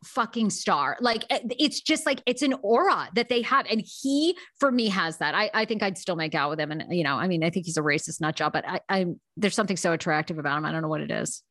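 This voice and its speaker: A woman's voice: lowish voice, fast talker, hardly any pauses, no echo, studio quality. A woman who is a red carpet reporter, talking as a guest in a casual chat and telling gossipy stories with lots of likes and restarts. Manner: gossipy, animated storytelling with many likes and restarts.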